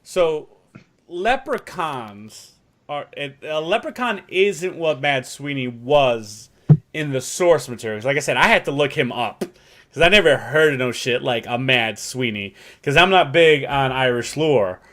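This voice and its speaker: A man's voice: mid-range voice, lively intonation, unhurried, fairly bright tone. A man co-hosting a casual chat podcast, rambling and swearing freely. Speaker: podcast co-host.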